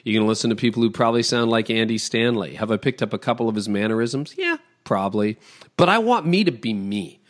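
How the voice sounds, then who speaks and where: A middle-aged man from Toronto, a pastor talking on a podcast in an animated, emphatic way, giving practical advice in quick lists. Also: fairly low pitch. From Toronto, Canada. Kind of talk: conversational podcast interview.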